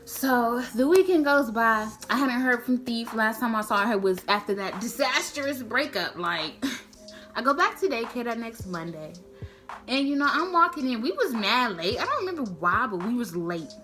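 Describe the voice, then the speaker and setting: A young woman vlogger, telling a slangy, animated storytime. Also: a little high, moderate pace, faint music behind. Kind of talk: storytime vlog.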